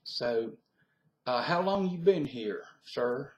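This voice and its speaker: A man's voice: medium pitch, expressive, takes it slowly, darkish tone, roomy sound, slight background noise, rough recording. A man voicing a chatty Southern local with a Tidewater Virginia accent, recorded on a webcam. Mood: friendly.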